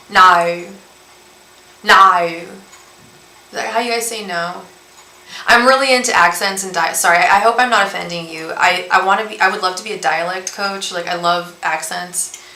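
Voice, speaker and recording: Bright and pushed at a medium pitch, this young woman's voice carries her chatty, rambling tarot live stream, where she addresses viewers directly as a psychic host. The recording has a roomy echo.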